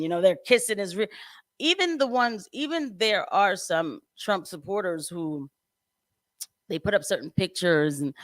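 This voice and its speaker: A woman hosting a casual political commentary livestream. She talks in an animated, chatty way, laughs often and leaps up in pitch. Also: no room sound, studio quality. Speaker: livestream host.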